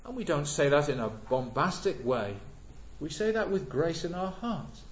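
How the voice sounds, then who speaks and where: A man preaching a sermon in a church hall, swelling loud on key words and dropping low and soft between them. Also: big pitch swings, moderate pace, slight background noise. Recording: echoey hall, dull lo-fi sound.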